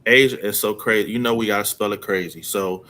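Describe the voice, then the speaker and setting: A man, a father, chatting casually on a podcast in a loose, halting way full of fillers. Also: lowish voice, steady tone, sharp tone.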